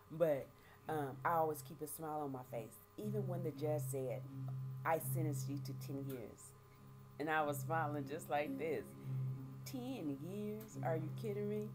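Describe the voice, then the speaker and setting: A middle-aged woman giving a halting, emotional personal testimony, often repeating words and speaking of her faith. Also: low voice. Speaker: vlogger sharing life after prison.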